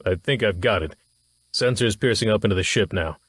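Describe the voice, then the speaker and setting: A man voicing a nervous male science officer in an audiobook, explaining things in a hesitant, halting manner. The voice stays low and close to his own plain reading, with a dry, close sound. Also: husky, no echo. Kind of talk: audiobook character voice.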